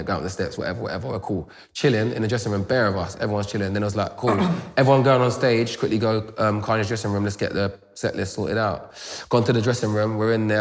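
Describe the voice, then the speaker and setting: Man, London accent, young adult, fast, low-pitched, animated storyteller, reverberant room. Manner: rapid, animated retelling with sound effects like boom and da da. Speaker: grime MC, interview guest. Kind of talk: casual storytelling interview.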